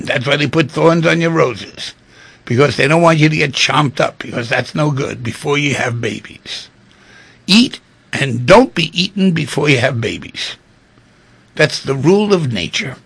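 Gravelly, husky radio talk host. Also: male voice, on the high side, no room sound. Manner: preachy, animated storytelling with rhetorical questions. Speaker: radio call-in show host.

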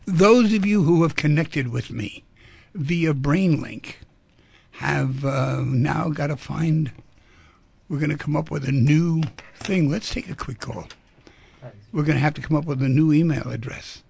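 Male radio call-in host, playful storyteller; husky, dry studio sound. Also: on the high side, unhurried, a little mellow, no room sound. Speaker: radio talk show host.

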